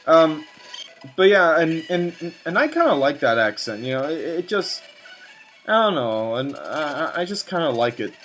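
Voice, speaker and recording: A man's voice: fairly high pitch, sing-song, normal speed, a bit bright, soft background music. A young man commentating on his own gameplay, rambling off on tangents with lots of fillers and stammered repeats. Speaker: let's play commentator.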